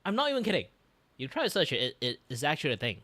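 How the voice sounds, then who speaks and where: A streamer reacting to a video in casual chat, rambling and leaning on filler words. The voice swings through a lively pitch at mid height. It is recorded dry and close. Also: rapid-fire, no echo. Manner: rambling, heavy use of "like" fillers.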